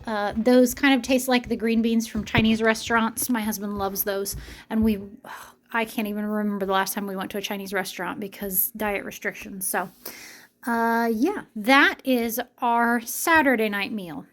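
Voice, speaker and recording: A woman's voice: a little high, fairly even intonation, moderate pace. A middle-aged woman vlogging about her family's meals in a casual, chatty way, with lots of ums and uhs. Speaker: homesteading mom vlogger. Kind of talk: casual vlog narration.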